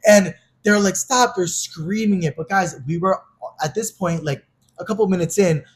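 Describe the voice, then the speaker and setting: A young man co-hosting a podcast, casually telling a wild travel story, swearing freely and acting out the yelling in his quotes. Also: sits high, moderate pace, slight background noise. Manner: animated, swearing, acts out yelled quotes. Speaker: podcast co-host.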